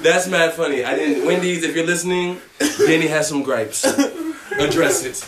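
A man's voice: on the high side, normal speed, echoey room, crowd noise. A man co-hosting a podcast in casual chat, joking, laughing and acting out scenes. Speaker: podcast co-host.

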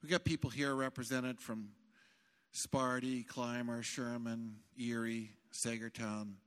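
A male pastor preaching a sermon in a church, animated and emphatic, building to shouts. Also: mid-range voice, takes it slowly, smooth. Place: church sanctuary. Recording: long hall reverb.

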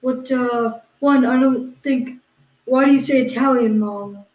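A woman's voice: high voice, unhurried, a little mellow. A woman co-hosting a comedy podcast, questioning her partner in mock exasperation, with plenty of fillers. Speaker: podcast co-host. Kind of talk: improvised comedy banter. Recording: echoey room.

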